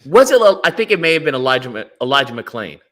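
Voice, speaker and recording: A man appears as a guest in a casual podcast chat, telling stories animatedly and acting out the voices of people he quotes. He talks fast at a medium pitch.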